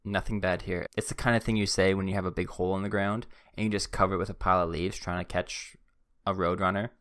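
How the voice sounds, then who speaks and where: A man's voice: sits low, flat delivery, fast talker, fairly bright tone, clean tone. A young man hosting a podcast, telling a story casually with self-deprecating humor and acting out both sides of a conversation. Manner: self-deprecating, acts out both sides of the exchange, stumbles and restarts. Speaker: podcast host.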